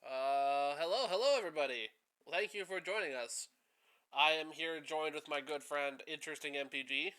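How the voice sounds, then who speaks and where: A man hosting a live art stream, chatting casually with a nasal voice, excitable and quick to swear. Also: fairly high pitch, clear, resonant tone. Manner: excitable, swears freely, chuckles often. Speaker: stream host.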